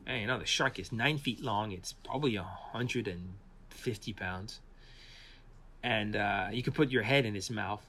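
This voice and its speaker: Man telling animated, halting stories. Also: fairly low pitch, slight background noise. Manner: animated storyteller with many restarts. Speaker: animation and visual effects artist, guest. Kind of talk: casual anecdotal interview.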